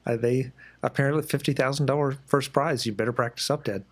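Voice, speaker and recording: A man from the East Coast of the United States hosts a relaxed podcast interview over a video call. His voice sits in an ordinary middle pitch, and he talks in a chatty, storytelling way. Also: quick pace. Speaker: podcast host. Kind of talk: casual interview chat.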